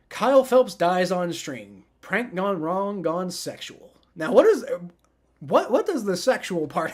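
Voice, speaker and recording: A man with family from the American South hosts a live football reaction stream, rambling casually, restarting often, and swearing. His voice is fairly high-pitched with a fairly bright tone.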